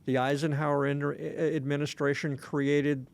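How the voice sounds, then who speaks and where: A man's voice: a little high, little pitch movement, normal speed, clean tone. A man co-hosting a casual podcast chat, rambling along with lots of fillers and restarts. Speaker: podcast co-host.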